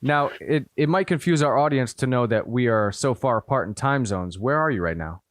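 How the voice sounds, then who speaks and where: A man's voice: mid-range voice, lively intonation, fairly quick, no echo, clean studio sound. A man from the American East Coast hosting a podcast, asking questions in an easygoing way and laughing along. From east coast of the USA. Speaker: podcast host. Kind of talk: casual podcast interviewing.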